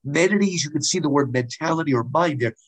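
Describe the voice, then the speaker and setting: A man's voice: fairly high pitch, fairly quick, rough recording. A man talking casually and animatedly about Greek drama, with a lot of restarts. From United States. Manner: animated, digressive, many restarts. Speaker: guest lecturer on Greek drama. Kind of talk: casual explanatory talk.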